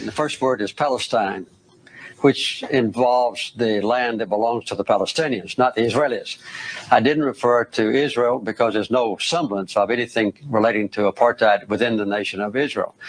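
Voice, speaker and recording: An older man from the United States speaks as a guest in a television interview, with a voice of ordinary middle pitch. He is measured and firm, clears his throat now and then, and sometimes restarts a phrase. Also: low-quality recording.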